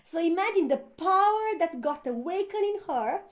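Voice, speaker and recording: A woman's voice: very high-pitched, animated, normal speed. A woman, a spiritual teacher, giving an earnest satsang talk, often laughing and acting out inner voices.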